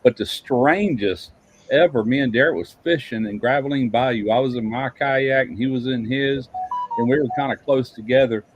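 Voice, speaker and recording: A man's voice: mid-range voice, moderate pace, highs cut off, slight background noise. An older man, a barbecue YouTuber, telling easygoing stories in a casual chat. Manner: easygoing anecdotal storyteller.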